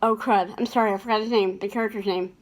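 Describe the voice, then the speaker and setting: A woman's voice: mid-range voice, steady tone, fast talker. A woman chatting casually about her favorite movies, laughing often and restarting her sentences. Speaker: vlogger.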